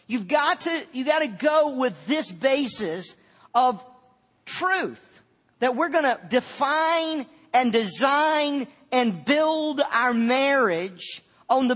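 A man preaching a sermon as a pastor, halting often and repeating words as he goes, in a church sanctuary. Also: extremely high pitch, a bit bright. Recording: dull sound with long hall reverb.

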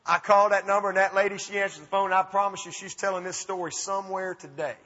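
Alabama man with a bright, husky voice. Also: sits high, fast. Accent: Southern US, Alabama. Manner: folksy, animated, self-mocking. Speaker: speaker. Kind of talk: storytelling talk to an audience. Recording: dull recording with long hall reverb.

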